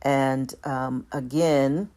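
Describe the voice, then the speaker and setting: Slow, low-voiced woman reading aloud. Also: fairly even intonation, warm tone. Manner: reads out formatting marks like "all caps" and "lowercase"; measured, deliberate delivery with small self-corrections. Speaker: commentator.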